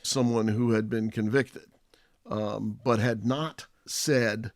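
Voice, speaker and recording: A man, a TV news correspondent, telling stories in a lively, joking way while chatting with colleagues. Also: fairly low pitch, slow pace, no room sound. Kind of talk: casual chat among colleagues.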